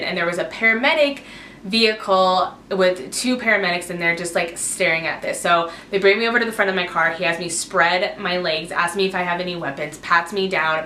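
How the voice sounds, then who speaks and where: A woman in her twenties tells a personal story to camera in a casual, rambling way, dropping "like" and "um" constantly. Her voice sits low for a woman yet sounds bright and forceful. The room gives it a noticeable echo. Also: a little hiss or hum. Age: 20s. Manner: rambling, full of "like" and "um". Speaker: vlogger. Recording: echoey room.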